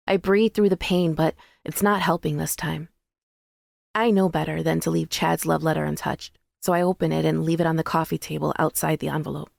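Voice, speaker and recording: A woman narrating a first-person audiobook in a measured, intimate way, recorded in a dry studio booth. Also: low voice, gravelly, darkish tone, no echo.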